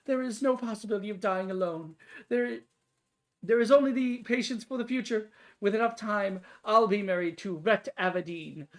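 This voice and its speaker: A woman's voice: mid-range voice, normal speed, pitched above the performer's own voice, close to an everyday voice. A woman voicing a haughty, lovesick, grandiose woman in a game, reading her lines in a pompous, theatrical manner. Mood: dreamy, grand. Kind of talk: game dialogue read aloud.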